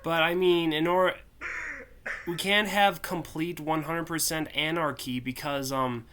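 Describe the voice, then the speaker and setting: A man's voice: on the high side, steady tone, unhurried, bright, forceful tone, slight background noise. A man giving casual commentary, rambling with many fillers and sighs. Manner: rambling, filler-heavy, sighing. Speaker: video commentator.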